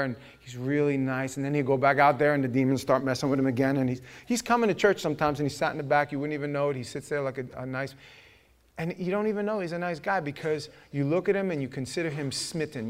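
A middle-aged male pastor preaches with a fairly high voice. He tells animated stories, acts out the other voices, climbs to loud shouts, then drops to a low, earnest tone. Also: fast. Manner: animated storytelling, acting out voices, shouting at peaks. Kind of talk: sermon.

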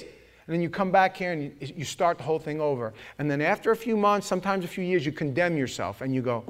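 A middle-aged man preaching a sermon, telling stories with acted-out voices and rising to shouts at the peaks. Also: mid-range voice, quick pace. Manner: animated storytelling, acting out voices, shouting at peaks. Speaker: pastor.

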